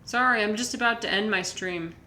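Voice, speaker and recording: A woman's voice: medium pitch, brisk, pushed and bright. A woman streamer, chatting casually with viewers in a rambling way, full of fillers and restarts. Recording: echoey room with faint noise.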